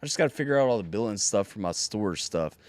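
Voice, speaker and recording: A man hosting a live music reaction stream, hoarse and nearly voiceless, chatting casually with his viewers and reading out their messages. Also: on the low side, expressive, quick pace, no echo. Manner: chatty, talks straight to viewers, reading out chat.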